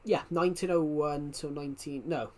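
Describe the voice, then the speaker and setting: A man's voice: a little high, fairly even intonation, normal speed, a little mellow. A young man with a working-class southwest England accent, chatting casually on a live stream, rambling and repeating himself as he reads the chat aloud.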